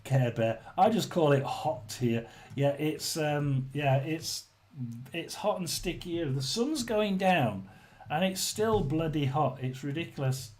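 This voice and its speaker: Chatty English man clearing his throat. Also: fairly high pitch, lively intonation, measured pace, a little mellow. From England. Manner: rambling, frequent throat clearing and restarts. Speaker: livestream host. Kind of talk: casual live chat reading comments.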